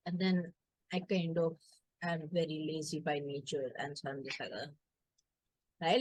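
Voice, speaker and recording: A woman's voice: deep voice, moderate pace, pauses often, a little mellow, no echo, low-quality recording. A woman coach hosting an online workshop, chatty and jokey, acting out family members with big swings in her voice. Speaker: coach and community host. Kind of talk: casual workshop chat.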